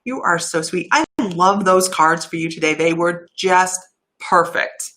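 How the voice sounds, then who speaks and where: A woman giving intuitive readings on a live stream, chatty and warm, laughing at herself and drifting off topic. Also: fairly low pitch, a little slow. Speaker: intuitive reader and shaman.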